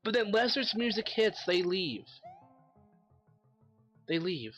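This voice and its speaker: A man's voice: high-pitched, very animated, slow pace, a bit bright, soft background music. A man giving a casual solo commentary, ranting animatedly and swearing constantly. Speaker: wrestling commentary vlogger.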